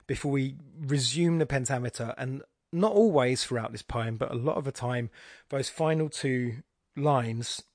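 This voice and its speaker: A man's voice: medium pitch, no room sound, clean studio sound. Musing man thinking aloud about poetry. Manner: wry, self-mocking asides. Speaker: podcast host. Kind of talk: spoken poetry analysis.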